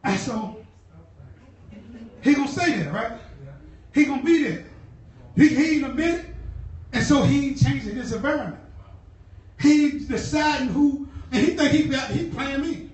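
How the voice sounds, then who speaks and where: In a church, a woman preacher delivers her sermon with casual, slangy storytelling, repeating key lines in fervent, shouting bursts and laughing. Her voice sits high and expressive, at a moderate pace with frequent pauses. It's recorded from far off in an echoey hall.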